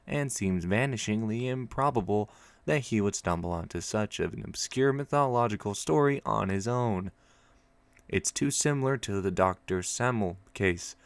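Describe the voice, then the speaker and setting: A man's voice: fairly low pitch, smooth, no room sound, close to an everyday voice. A man reading as a worried asylum staffer. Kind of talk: reading a game document aloud.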